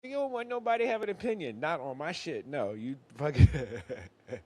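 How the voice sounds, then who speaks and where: A man co-hosting a casual podcast, loud and profane, mock-outraged and tripping over his words. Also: a little high, lively intonation, normal speed. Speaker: podcast co-host.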